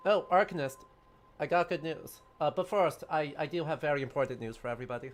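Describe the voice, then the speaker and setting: Talkative guy streaming a game, slightly high voice, rambles n laughs at himself. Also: quick pace. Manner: chatty, self-deprecating, rambling. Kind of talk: casual let's-play chat.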